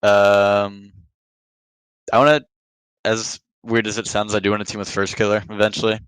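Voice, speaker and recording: A man on a podcast as the guest, chatting casually and trailing off into quiet mumbles. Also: fairly low pitch, monotone, moderate pace, clear, resonant tone, dry recording, rough recording. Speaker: podcast guest, pro esports player. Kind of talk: casual chat.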